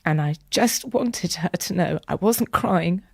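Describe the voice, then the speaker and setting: A woman's voice: on the low side, measured pace, creaky, breathy edge, dry recording, studio quality. Tender woman telling her story. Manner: earnest, tender, drops to soft whispers at times. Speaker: podcast guest. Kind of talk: emotional personal storytelling.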